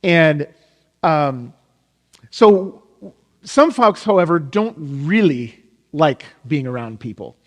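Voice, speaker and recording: Pastor guy rambling through a casual sermon, kinda high voice, lots of reverb. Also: lively intonation, slow pace, long pauses. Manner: chatty, rambling with frequent restarts and laughs. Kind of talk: informal sermon.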